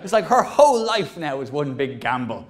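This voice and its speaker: A man's voice: a little high, sing-song, moderate pace. A man in his forties doing a stand-up routine, telling a wry, self-mocking story with sweary punchlines. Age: 40s. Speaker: stand-up comedian.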